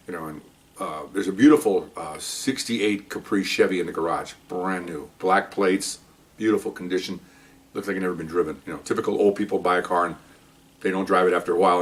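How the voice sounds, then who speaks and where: Man, low voice, fast and rambling, podcast storyteller, a bit distant from the mic. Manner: chatty, rambling, chuckling at dark humor. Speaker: retired police officer podcast host. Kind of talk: casual storytelling monologue.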